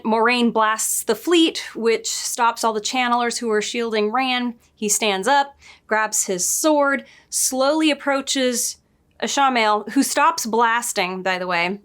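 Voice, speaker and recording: A woman giving a casual spoken review, chatty and digressive, often laughing and adding quick asides. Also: on the high side, a bit bright. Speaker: book and show reviewer.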